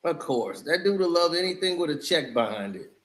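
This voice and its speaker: A man with a high voice tears into an album in a loose, casual rant. He is blunt and scornful and laughs often, and his voice rings in an echoey room. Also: big pitch swings, fairly quick, a bit bright. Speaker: album reviewer. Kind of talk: casual music review rant.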